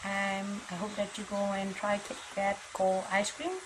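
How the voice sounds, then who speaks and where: A woman's voice: mid-range voice, monotone, measured pace. A woman hosting a reaction video, chatting in a bemused way and talking straight to her viewers. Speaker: reaction channel host. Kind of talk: casual reaction commentary. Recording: clear background noise.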